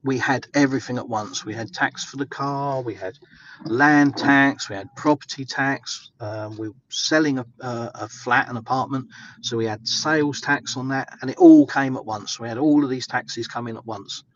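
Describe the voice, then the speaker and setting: A man's voice: mid-range voice, normal speed, dull audio, slight background noise. Chatty Englishman rambling outdoors. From England. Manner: chatty, rambling, with many fillers. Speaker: vlogger. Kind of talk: casual walking vlog. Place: outdoors in the snow.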